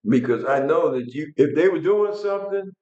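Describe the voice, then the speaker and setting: A man's voice: fairly high pitch, expressive, normal speed, a little mellow, reverberant. Angry older man ranting, lo-fi. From New York. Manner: blunt, angry, repeats himself with restarts. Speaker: vlog host. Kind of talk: casual political rant to camera.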